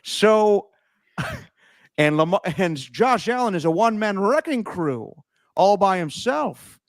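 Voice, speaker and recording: A grumbly, drawling Grinch-style cartoon voice, as a man puts it on mid-podcast, half stuck between old movie stars. It swings widely up and down in pitch and keeps stumbling into laughter. The sound is dry and close, with no room around it. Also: sing-song, no room sound, exaggerated voice. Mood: mock-serious. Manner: halting, breaks up laughing mid-line. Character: botched Grinch impression, grumbly male cartoon voice. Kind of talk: casual podcast banter.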